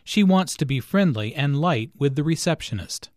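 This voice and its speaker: A man narrating a scripted language lesson, explaining grammar and intonation in a deliberate way. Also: on the high side, expressive, dry recording, clean studio sound.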